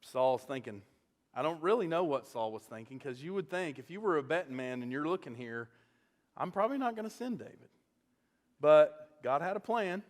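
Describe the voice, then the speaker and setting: A male pastor preaching a sermon, animated as he tells a story and often checking in with "okay?". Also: on the high side, normal speed, long reverb tail.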